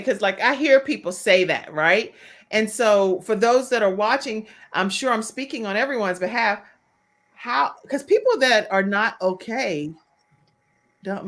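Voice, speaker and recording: A woman hosting a talk show, chatting in a casual interview and acting out quoted voices along the way. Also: medium pitch. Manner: animated, acts out quoted voices.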